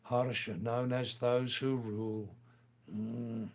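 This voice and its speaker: An older man chats slowly and unhurriedly on a live stream. He reads viewer comments aloud and answers them with playful, teasing remarks, his voice sitting at an ordinary middle pitch. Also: level tone. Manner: slow, playful, teasing asides. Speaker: livestream host.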